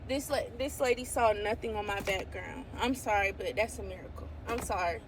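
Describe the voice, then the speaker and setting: A woman talking casually to camera about her faith, excitable and exclaiming often, sometimes reading scripture aloud. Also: mid-range voice, fairly quick, slight background noise. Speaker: faith vlogger.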